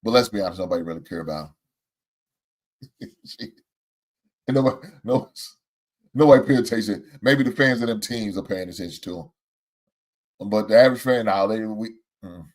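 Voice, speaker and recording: A man hosting a casual sports talk show, using Southern American slang and talking in an animated, exclamatory way with frequent laughs. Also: on the low side, moderate pace, long pauses. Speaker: host.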